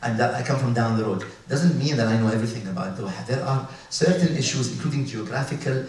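A man from the UAE giving a conference talk with slides, halting often with fillers and restarts. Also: mid-range voice, darkish tone. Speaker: conference speaker. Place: large conference hall. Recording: echoey hall, distant mic, faint noise.

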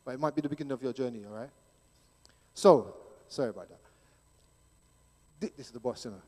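A man speaking at a church gathering, emphatic and animated, often repeating words as he presses his point. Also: mid-range voice, brisk. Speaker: church speaker promoting a schools ministry. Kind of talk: church appeal talk. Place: church hall. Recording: long hall reverb.

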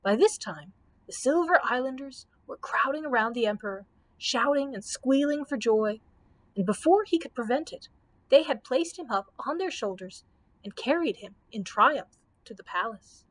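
A woman librarian reading a children's storybook aloud in an expressive, steady way. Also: fairly high pitch, moderate pace.

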